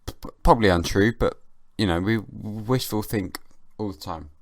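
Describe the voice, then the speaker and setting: A young man hosting a casual solo podcast, sleepy and just woken, musing in a rambling, deadpan comic way. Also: lowish voice, moderate pace, no echo, studio quality. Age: young adult. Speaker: podcast host. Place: at home, downstairs.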